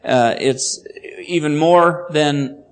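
A man's voice: on the high side, slow. A man preaching, explaining a passage of scripture and reading it aloud with rising emphasis. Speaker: pastor. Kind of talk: sermon.

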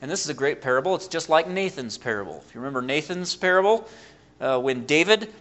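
A man preaching a sermon, retelling a story in an animated way and acting out the quotes. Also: a little high, fast.

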